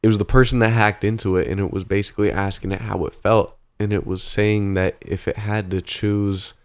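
Laid-back young guy, lowish voice. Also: level tone, a little fast, clean tone. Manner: loose, laughing, swearing banter. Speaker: podcast co-host. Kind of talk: casual chat.

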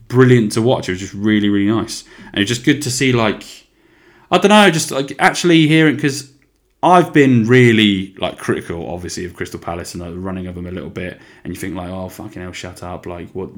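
A man's voice: fairly low pitch, fairly bright tone. A young man hosting his own podcast, rambling in casual chat, swearing freely and poking fun at himself. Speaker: podcast host.

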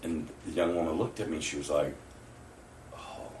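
A man preaching a sermon to his church, rising to loud exclamations and dropping to hushed near-whispers, laughing often. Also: very deep voice, fast, a little hiss or hum. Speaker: pastor. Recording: roomy, from far off the mic. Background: congregation responses.

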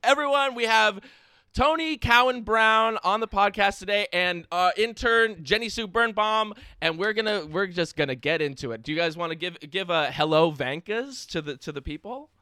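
High, bright male podcast co-host. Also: normal speed, clear, resonant tone, no echo, studio quality. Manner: enthusiastic, swears, laughs mid-sentence. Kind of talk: casual chat.

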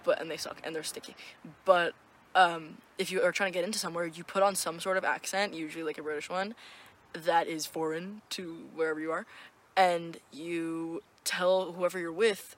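A woman's voice: lowish voice, steady tone, moderate pace. A young woman co-hosting a podcast, chatting casually in a rambling, profane way and giggling often. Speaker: podcast co-host. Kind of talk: casual chat.

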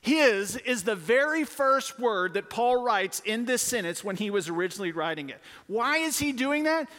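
A man preaches to families and children in a high voice. He leans on key words, repeating them and calling on the congregation to answer. His voice carries a long reverb from the church hall. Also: expressive, moderate pace, a bit bright. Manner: emphatic, repeats key words, calls for responses. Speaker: pastor. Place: church sanctuary.

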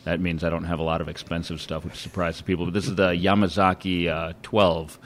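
A man in casual chat, talking in a relaxed, rambling way with many restarts. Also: deep voice, brisk, slight background noise. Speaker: podcast co-host.

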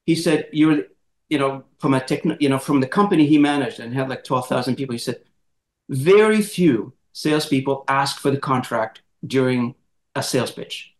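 A man hosting an interview, telling a personal story in a lively, animated way and acting out quotes. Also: mid-range voice, normal speed, reverberant. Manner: animated, laughing storyteller who acts out quotes. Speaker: podcast host, moderator. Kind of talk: casual storytelling in conversation.

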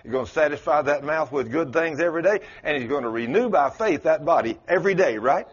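A man with a slightly high, somewhat rough voice preaches fast and with animation to a congregation in a church sanctuary. The dull lo-fi recording catches a folksy, story-filled sermon with Southern phrasing and acted-out quotes.

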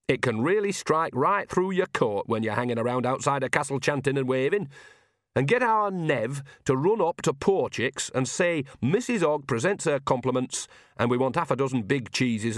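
Shrewd, bossy old witch, drawls her lines slowly; a male audiobook reader puts her on. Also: medium pitch, animated, no echo, studio quality, lightly acted. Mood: commanding.

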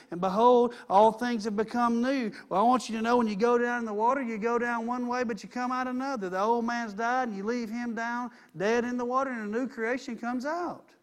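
High-voiced male preacher. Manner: conversational preaching, swelling to emphatic at high points. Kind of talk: sermon.

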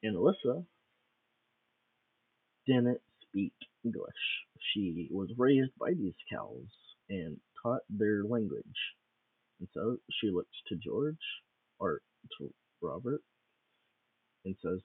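Man narrating a silly improvised tale, rambling delivery; husky, low voice, dry phone-quality recording. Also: sing-song, slow pace, pauses often, dry recording, distant mic. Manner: rambling, with restarts and fillers. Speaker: storyteller. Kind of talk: improvised comic storytelling.

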